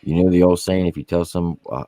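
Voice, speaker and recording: A man with an extremely deep, low voice, recorded close and dry with no room sound. He tells war stories in a casual, profane, vivid way, like a veteran guest on a podcast. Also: fairly even intonation, brisk, mellow, dry recording. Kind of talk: casual storytelling.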